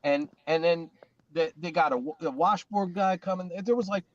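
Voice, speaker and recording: A man's voice: a little high, moderate pace, no room sound, highs cut off. A middle-aged man, a guest drummer, telling stories in casual chat, acting out people's voices and swearing freely over a video call.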